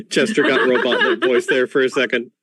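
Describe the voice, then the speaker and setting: A man's voice: mid-range voice, animated, normal speed, bright, forceful tone, husky. Patient man lecturing as game master. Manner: patient, lecturing, many ums. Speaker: game master playing a professor. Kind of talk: narrating a tabletop game over a video call. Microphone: video call.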